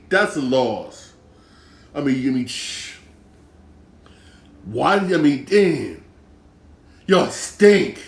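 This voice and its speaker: A man's voice: fairly high pitch, echoey room. A man hosting a sports talk show, rambling in a casual rant full of repeated filler words and mocking rival fans.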